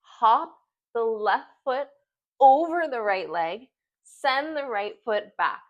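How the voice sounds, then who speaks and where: A woman's voice: a little high, big pitch swings, slow, dull audio. A woman leading a yoga class at home, giving short breath-paced cues while doing the poses and getting out of breath. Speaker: yoga instructor.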